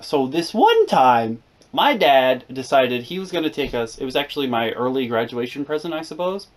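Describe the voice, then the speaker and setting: A young American man telling a comedic story for his channel, animated and sarcastic, jumping from loud outbursts to quiet asides. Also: mid-range voice, normal speed. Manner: animated, sarcastic, swings between loud and mumbled.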